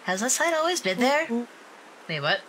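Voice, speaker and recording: A woman streaming a game, reading its dialogue aloud in a lively, playful way, over loud game music. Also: fairly high pitch, moderate pace, slight background noise.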